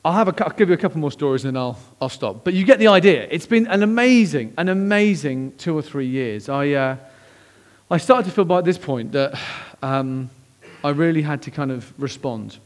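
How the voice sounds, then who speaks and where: A man, a pastor preaching a sermon as lively, conversational personal storytelling. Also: on the high side, moderate pace.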